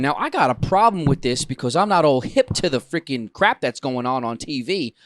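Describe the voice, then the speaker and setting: A man's voice: mid-range voice, brisk, few pauses, no room sound. A man co-hosting a podcast, telling a story in casual chat and getting worked up as he swears along the way. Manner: animated, gets worked up and swears. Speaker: podcast co-host.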